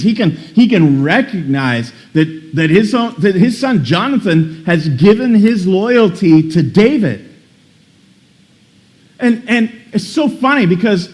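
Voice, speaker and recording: A man preaching a sermon, reading scripture aloud and commenting in a casual, dramatic way with frequent restarts. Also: high voice. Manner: animated, reads scripture then comments with dramatic emphasis; casual asides with repeated word restarts. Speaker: pastor.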